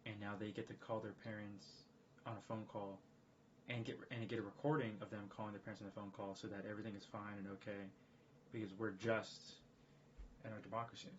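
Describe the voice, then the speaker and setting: A man's voice: on the low side, flat delivery, quick pace. A man talking in a casual live-stream monologue, rambling and emphatic, often repeating himself. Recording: dull lo-fi stream audio with faint background noise.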